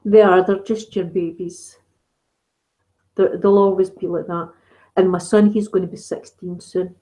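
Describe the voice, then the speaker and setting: Middle-aged Scottish woman, ASMR host, casual live-stream chat, mellow warm tone, chatty storyteller who laughs often. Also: on the low side, flat delivery, unhurried, poor audio.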